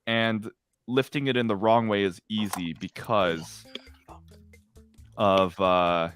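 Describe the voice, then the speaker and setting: A man's voice: on the low side, fairly even intonation, slow, fairly bright tone, soft background music. A man talking casually on a live stream, rambling and repeating himself as he explains what he's doing. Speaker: hobby lockpicker on a live stream. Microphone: remote guest link.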